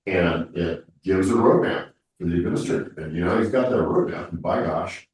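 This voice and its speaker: A man's voice: low voice, moderate pace, darkish tone. A congested man leading a town board meeting, talking in a rambling way with many restarts. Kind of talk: public meeting discussion. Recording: echoey room, mic far off.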